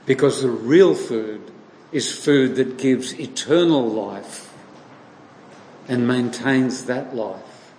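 A man preaching a sermon slowly and deliberately, posing questions to his listeners and answering them himself. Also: mid-range voice, darkish tone. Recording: echoey hall with long reverb, faint noise.

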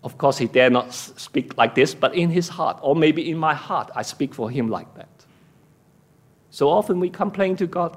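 Animated preacher acting out scripture. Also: male voice, normal speed. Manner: acts out biblical speeches with rising emotional pitch. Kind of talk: sermon.

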